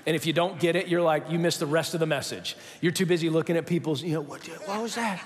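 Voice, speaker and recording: A man preaching a conversational sermon, telling a story with quick asides and rhetorical questions. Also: on the high side, fairly even intonation. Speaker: pastor. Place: large church sanctuary. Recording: reverberant church hall.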